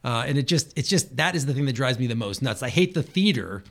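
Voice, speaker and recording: A man talking quickly and emphatically in a casual discussion. His voice sits at a middle pitch, and he presses his points with animated conviction. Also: vocal fry. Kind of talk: casual conversation.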